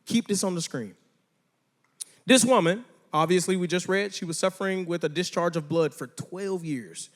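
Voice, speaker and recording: A man's voice: high-pitched, normal speed. A young man preaching a youth sermon, casual and playful, talking straight to teenagers. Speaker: youth pastor.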